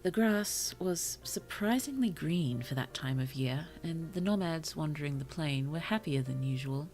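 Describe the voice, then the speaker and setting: A woman streamer reading short stories aloud to her chat, slow and careful, with apologetic asides between passages. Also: sits low, animated, darkish tone, soft background music. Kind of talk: story reading on a livestream.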